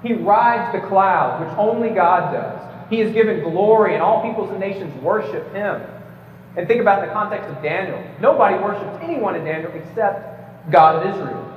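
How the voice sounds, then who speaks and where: High-voiced man lecturing in an echoey hall. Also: expressive, normal speed, slight background noise. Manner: emphatic, lecturing, with occasional stumbles and jokes. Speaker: debater. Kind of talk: prepared debate speech to a live audience. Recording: echoey hall, distant mic, slightly dull.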